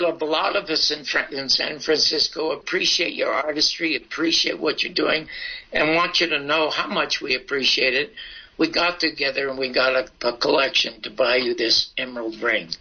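A man's voice: a little high, breathy edge, muffled recording. An older man telling stories in an interview, acting out the dialogue in his anecdotes. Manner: animated, acts out dialogue in his story. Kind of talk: anecdotal storytelling.

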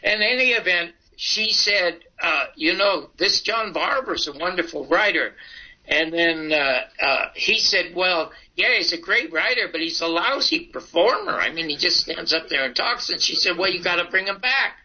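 Older man, husky voice, telling stories. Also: high voice, moderate pace, lo-fi sound. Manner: animated, acts out dialogue in his story. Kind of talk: anecdotal storytelling.

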